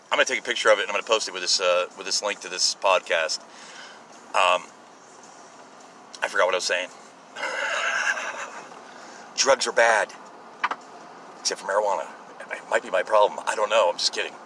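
A man's voice: lowish voice, moderate pace, long pauses, pushed and bright. A man in his thirties hosting a podcast from his car, ranting in a profane, rambling way that keeps interrupting itself. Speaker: podcast host. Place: inside a moving car. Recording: distant car mic with road noise. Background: faint road and traffic noise.

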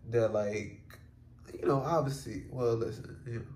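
A man's voice: mid-range voice, normal speed, darkish tone. A man talking through a solo reflective podcast monologue in a rambling, casual way, full of fillers and offhand swearing. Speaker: podcast host. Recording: roomy echo.

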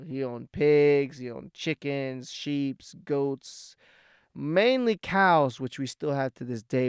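A man telling a rambling personal story in a casual, profane way, full of fillers and restarts, getting loud and worked up as it builds. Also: medium pitch, gravelly, clean tone, no echo, clean studio sound.

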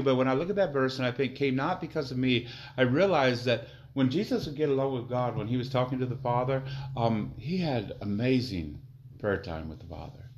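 A male preacher delivering a sermon at a middle pitch, reading scripture with slow, weighty emphasis. He drops into quiet, low-spoken asides, then surges into loud, fervent declarations. A faint hiss of background noise runs under the recording. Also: low-quality recording. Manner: reads scripture slowly and deliberately.

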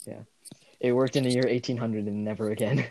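A man's voice: mid-range voice, fairly even intonation, fairly quick, gravelly, a crowd in the background. A young man in casual chat as a podcast co-host, rambling and often quoting himself with a laugh.

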